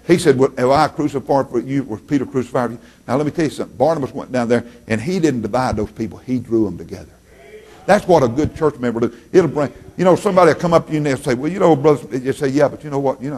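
A middle-aged man preaching a folksy sermon in a church, his voice jumping up loud and then falling low. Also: breathy edge. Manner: folksy, animated preaching with sudden loud rises and drops. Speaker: pastor.

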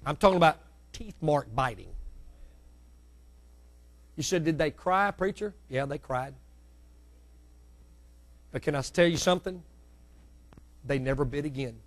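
A middle-aged male pastor preaching a sermon, with sudden loud climbs and hushed drops. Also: on the high side, lively intonation, a little slow, pauses often.

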